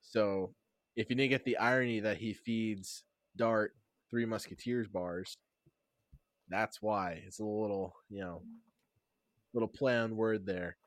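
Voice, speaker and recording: A man's voice: fairly low pitch, steady tone, unhurried, long pauses, dry recording, clean studio sound. A man from New Jersey co-hosting a casual TV recap podcast, teasing his friends as he recaps scenes. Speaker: podcast co-host.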